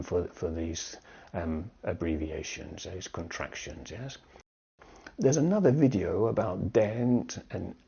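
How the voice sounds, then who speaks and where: Slow gravelly male English teacher. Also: on the low side, dark tone. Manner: slow, checks in with "yes?" often. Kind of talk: online grammar lesson. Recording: dull lo-fi sound.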